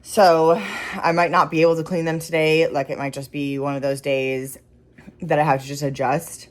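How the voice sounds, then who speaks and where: A woman's voice: deep voice, little pitch movement, normal speed. A young woman who runs an animal rescue, talking casually and emotionally in a vlog, with many fillers. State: pregnant. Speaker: wildlife rescue owner.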